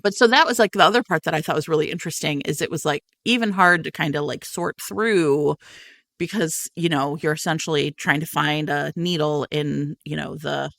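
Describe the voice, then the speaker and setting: A woman co-hosting a podcast in casual chat, animated and swearing freely. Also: deep voice, normal speed, gravelly, no echo, clean studio sound. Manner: animated, swearing, exaggerated quoting. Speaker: podcast co-host.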